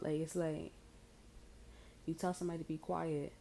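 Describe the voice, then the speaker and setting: Low, dark-voiced woman reading tarot. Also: level tone, moderate pace, gravelly, a little hiss or hum, rough recording. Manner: blunt, profane, chatty with many fillers. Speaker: tarot reader.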